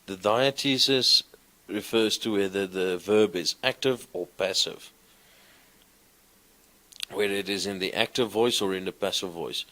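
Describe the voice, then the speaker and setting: A man teaching a class, explaining grammar slowly and reciting verb forms in a sing-song way. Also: deep voice, fairly even intonation, a bit bright. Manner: slow, deliberate, recites conjugations in a sing-song. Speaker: lecturer. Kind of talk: classroom lecture.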